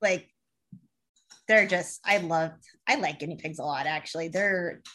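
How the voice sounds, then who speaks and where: Young woman guest, casual blunt chatter, lively and profane. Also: lowish voice, measured pace, noisy background. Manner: animated, swearing, filler-heavy, acts out voices. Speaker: podcast guest. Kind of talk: casual podcast chat.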